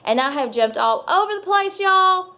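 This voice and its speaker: A woman's voice: sits high, lively intonation, brisk, a bit bright. A woman chatting casually to her viewers, rambling with lots of fillers. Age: adult parent. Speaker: vlogger. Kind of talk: casual chat to camera.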